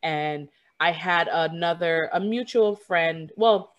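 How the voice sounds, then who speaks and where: A young woman talks through a long personal story in a casual chat, with a slightly low voice. She rambles, leans on fillers like "like" and "um", and keeps acting out what other people said to her. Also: takes it slowly, highs cut off. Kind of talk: casual conversation.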